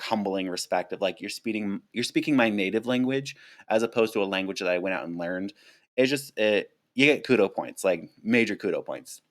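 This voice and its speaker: Casual live-stream host: a chatty, animated man with a lowish voice, close mic. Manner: chatty and animated, lots of fillers and restarts. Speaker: flight attendant streamer. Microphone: close desk mic.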